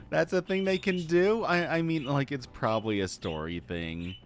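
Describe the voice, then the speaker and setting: A man's voice: fairly high pitch, measured pace, faint music behind. A man casually chatting while streaming a game, rambling and restarting his phrases. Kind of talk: casual live-stream chat.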